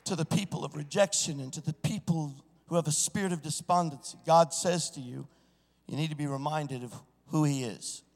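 A man preaching a sermon, swinging from hushed storytelling to loud, shouted exclamations. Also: fairly high pitch, moderate pace. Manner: preaching with sudden swells into shouting. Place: church. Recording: church sanctuary with long reverb.

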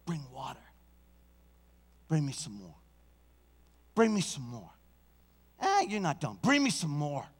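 A man's voice: on the high side, huge pitch swings, unhurried, long pauses, slightly rough, voice pushed down, heavily acted. A man voicing a bold, commanding prophet. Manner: taunting and commanding. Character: bold male prophet, mocking then commanding. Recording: long church hall reverb, slightly distant.

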